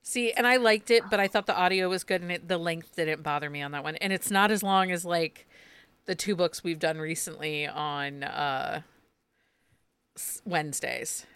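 An enthusiastic woman hosts a casual book podcast, gushing about what she reads. Her voice is smooth and clear, and the sound is dry and close. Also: lowish voice, steady tone, moderate pace, a bit bright, no room sound. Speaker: podcast host. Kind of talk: casual chat.

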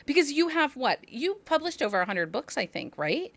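A woman in her forties hosting a podcast interview, chatty and quick to laugh at herself. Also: sits high, big pitch swings, gravelly, a bit bright. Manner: chatty, laughs often, self-deprecating. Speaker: podcast host.

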